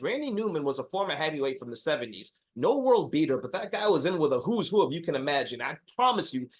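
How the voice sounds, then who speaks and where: A man co-hosting a podcast as a boxing historian, telling stories in a loose, profane, lively way. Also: a little high. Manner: lively, profane storytelling with laughs. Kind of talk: casual podcast chat.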